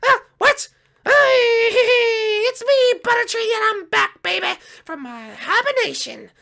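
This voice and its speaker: Squeaky smug butter creature, bossy, lazy drawl, creaky, shrill edge, game roleplay. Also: male voice, animated, slow, pushed and bright, full character voice.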